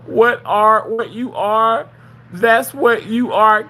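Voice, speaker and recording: A man streaming live and reading his chat aloud, excitable, yelling at and pleading with chatters. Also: high voice, slow.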